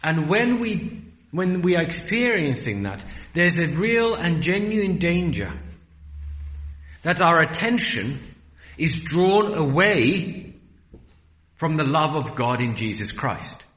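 A man preaching a sermon in an earnest, rhetorical way, slowing down and speeding up for emphasis. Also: a little high, sing-song, a bit bright, echoey room.

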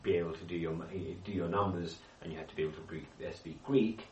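A man with a very low voice teaches a Bible study group, frequently putting questions to them and restarting his sentences. He talks fast and a little mellow. The mic is far from him in an echoey room with a faint ambient hum.

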